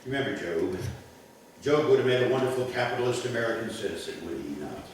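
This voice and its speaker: A pastor delivering a sermon, measured and emphatic, pressing his points with rhetorical questions. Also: medium pitch, expressive, a little hiss or hum. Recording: echoey church from a distant mic.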